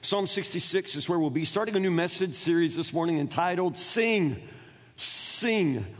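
A pastor preaching a sermon in a church, emphatic and animated, moving between loud outbursts and quiet asides. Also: male voice, high-pitched, normal speed, in a large hall. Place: church sanctuary.

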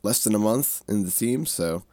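A man's voice: lowish voice, lively intonation, normal speed, warm tone, no echo. A man co-hosting a football podcast, talking eagerly and at length about his team's recent run, often restarting his sentences. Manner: eager, rambling, many restarts. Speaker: podcast co-host. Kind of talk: casual football podcast chat.

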